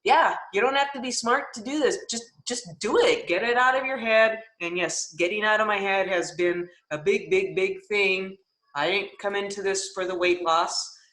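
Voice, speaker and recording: A woman's voice: medium pitch, normal speed, a bit bright, roomy sound, poor audio. A woman coach sharing her takeaways on a group call, emotional and enthusiastic.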